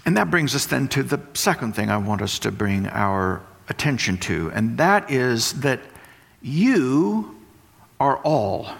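A West Texas man preaches a sermon in a slow, mid-range voice that is creaky, husky, and very animated. He explains his points and repeats them for emphasis, and a long hall reverb trails his words.

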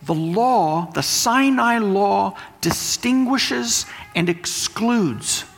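Man preaching, high animated pitch, gravelly rasp, long reverb of a church hall. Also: extremely slow. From West Texas. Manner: explanatory, emphatic teaching with repetition. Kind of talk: sermon.

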